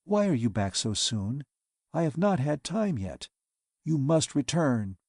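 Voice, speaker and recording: A man reading an audiobook, voicing a composed, courteous woman who speaks in a calm, dignified and measured way. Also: medium pitch, gravelly, no echo, studio quality. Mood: calm dignity.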